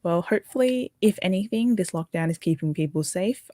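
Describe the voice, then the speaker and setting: A young Australian woman hosts a livestream at dawn, sounding tired. Her voice sits low and mellow, and the dry sound keeps her close. She rambles casually and answers viewer comments as she goes. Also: animated, fairly quick, dry recording. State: tired, early morning. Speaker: livestream host. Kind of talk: casual livestream chat while building.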